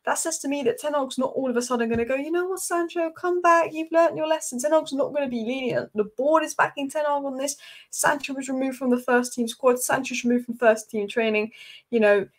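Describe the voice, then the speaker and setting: A woman hosts her own football channel in a casual, emphatic vlog style. Her voice sits a little high, and she keeps driving her points home by repeating them. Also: fairly even intonation, brisk.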